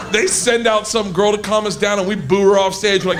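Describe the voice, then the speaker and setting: A man telling a brash, profane story as a stand-up comedian, in a played clip with loud background noise. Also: high voice, fairly quick, few pauses, a loud crowd.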